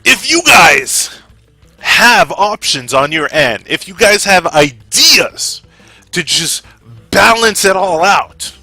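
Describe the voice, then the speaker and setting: A man vlogging about gaming in a heated, profane rant that flares up, then calms into casual sign-offs. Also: high voice, gravelly, dry recording. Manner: heated, profane, gets fired up. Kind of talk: opinion rant to camera.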